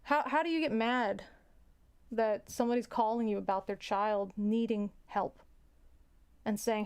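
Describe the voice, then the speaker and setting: A young adult woman, a teacher, telling a story in a casual, halting way, often repeating words and sighing. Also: on the high side, clear, resonant tone.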